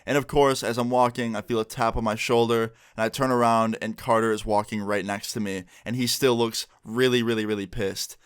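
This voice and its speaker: A man's voice: mid-range voice, flat delivery, fairly quick, few pauses, smooth. A young man tells a story from his school days for a vlog. He speaks casually and with animation, and he swears freely. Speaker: YouTuber.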